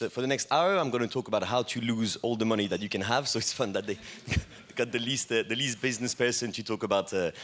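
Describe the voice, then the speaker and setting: A man's voice: mid-range voice, fairly bright tone. A man in his thirties with a French accent, giving a casual, self-deprecating talk on a conference stage, full of fillers and restarts. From France. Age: 30s. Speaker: bar owner giving a talk.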